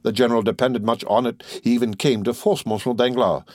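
A man's voice: medium pitch, steady tone, a little fast, darkish tone, no echo, clean studio sound, close to an everyday voice. A man voicing a fashionable middle-aged baroness who chats in a simple, matter-of-fact way in an audiobook reading. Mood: chatty.

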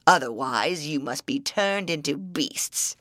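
A slow, booming old troll, gruff and scheming, voiced in a close, dry storybook reading by a woman. He rolls his words out heavily and with menace, his voice lower and louder than the narration around him. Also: animated, dry recording, exaggerated voice. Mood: menacing.

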